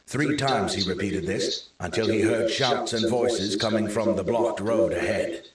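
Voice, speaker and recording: A man narrating a thriller audiobook in a steady, measured reading. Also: lowish voice, recorded from a distance. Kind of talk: scripted narration. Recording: very echoey room.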